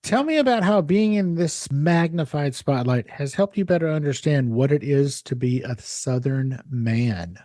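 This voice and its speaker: Podcast host guy, mellow dark tone, dry close sound, curious and jokey. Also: a little high, lively intonation, measured pace, hardly any pauses, dry recording. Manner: curious, joking. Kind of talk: casual interview chat.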